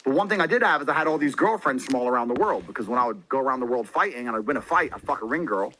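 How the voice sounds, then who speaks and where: A brash, boastful man telling a story as a podcast guest, swearing a lot and breaking into loud, excited bursts. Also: mid-range voice, racing, slight background noise, rough recording. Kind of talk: casual storytelling.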